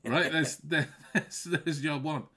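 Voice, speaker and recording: A man's voice: a little high, fairly even intonation, slow, bright, forceful tone, slightly rough. A man hosting a casual podcast chat, often restarting and repeating words and breaking into laughs. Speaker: podcast host.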